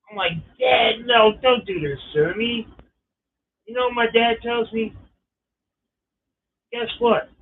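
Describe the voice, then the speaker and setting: A middle-aged man telling a personal story in a casual, profane, exasperated way. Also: sits high. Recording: tinny phone-like line.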